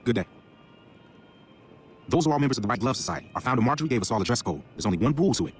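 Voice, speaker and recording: A man's voice: medium pitch, lively intonation, very fast, faint music behind, close to an everyday voice. A man voicing a prim gossipy society member. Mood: confiding. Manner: confiding, polite. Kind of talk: video game voice acting.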